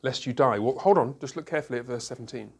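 A man's voice: medium pitch, quick pace, a little mellow, slightly rough. Man, Bible study leader, group discussion, asks questions, explains patiently with examples.

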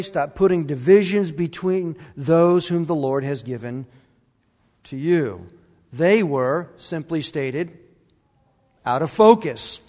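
Pastor, male, emphatic sermon delivery with repeated words, higher voice, long church reverb. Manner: emphatic, repeats key words, asks the congregation questions. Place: church sanctuary.

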